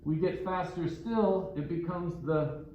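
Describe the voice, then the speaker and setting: A man's voice: on the high side, measured pace, warm tone, muffled recording. A male guitar instructor giving a classroom lesson, counting beats aloud and explaining with questions. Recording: echoey room with faint ambient noise.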